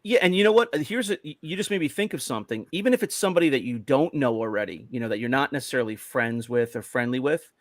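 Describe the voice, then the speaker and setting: A man's voice: mid-range voice, lively intonation, dry recording, studio quality. A man co-hosting a livestreamed toy-collecting podcast, chatting casually and restarting his sentences. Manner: chatty, halting with restarts and laughs. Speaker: podcast co-host.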